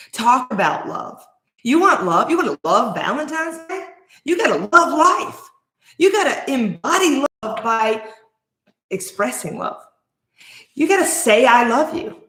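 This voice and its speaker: A woman's voice: a little high, fairly bright tone. A woman in her forties, a life coach, giving an emphatic motivational talk to camera with lots of rhetorical questions. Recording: roomy echo.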